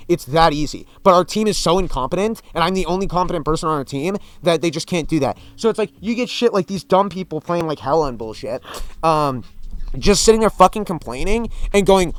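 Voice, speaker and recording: A man's voice: high-pitched, expressive, fast, dry recording. A man ranting about a video game in a vlog, profane, exasperated and repetitive. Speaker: gaming commentator.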